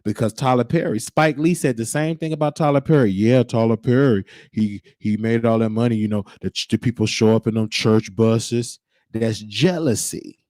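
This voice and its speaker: A man's voice: mid-range voice, moderate pace, a little mellow, dry recording. A man hosting his own show, talking in an emphatic, preachy way and repeating his points. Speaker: show host. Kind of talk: casual livestream monologue. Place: Texas.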